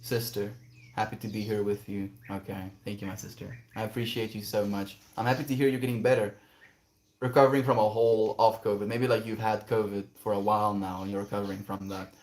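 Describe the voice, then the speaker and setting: A man's voice: fairly low pitch, flat delivery, brisk, darkish tone. Reflective man chatting on a livestream. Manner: reflective, reads viewer messages aloud and muses on them. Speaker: livestreamer reading chat. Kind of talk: casual livestream chat. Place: outdoors, quiet spot.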